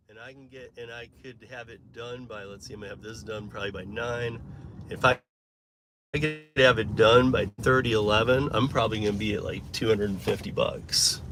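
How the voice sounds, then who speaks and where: A man's voice: on the low side, background noise. A middle-aged man from Michigan with a Michigan accent, chatting casually on a live stream while driving, rambling and restarting his sentences. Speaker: delivery driver livestreamer. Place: inside a vehicle. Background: music playing.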